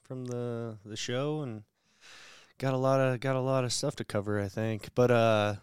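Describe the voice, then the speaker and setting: A man's voice: mid-range voice, fairly even intonation, clean tone, dry recording, studio quality. A man co-hosting a podcast in casual chat, speaking hesitantly with many fillers. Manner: hesitant, halting, full of fillers. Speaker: podcast co-host.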